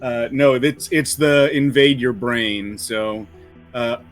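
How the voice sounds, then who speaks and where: A man's voice: mid-range voice, slow pace, soft background music. Laid-back male tabletop player. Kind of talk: casual game chat.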